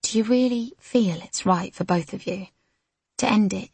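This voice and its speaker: A woman voicing a caring young woman best friend in an audiobook, gently asking questions. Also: mid-range voice, moderate pace, creaky, slightly rough, no room sound.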